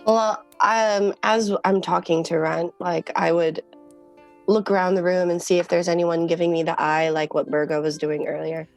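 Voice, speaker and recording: A woman's voice: on the low side, level tone, moderate pace, a little mellow, faint music behind. A woman playing a tabletop game, casually describing what her character does. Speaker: player.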